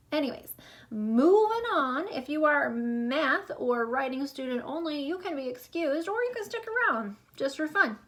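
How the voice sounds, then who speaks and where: A young woman teaching a remote lesson to young schoolchildren, speaking slowly and clearly with a drawn-out teacher delivery. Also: high-pitched, a bit bright. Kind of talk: remote class video lesson.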